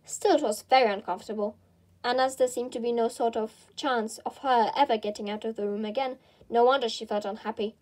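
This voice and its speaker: A woman reading a children's classic aloud in gentle, even narration. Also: on the high side, brisk. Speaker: storybook reader.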